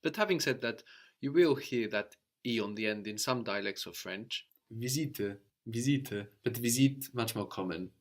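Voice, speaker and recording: A man teaching a language lesson, explaining patiently step by step and often checking with a quick "no?". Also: fairly low pitch.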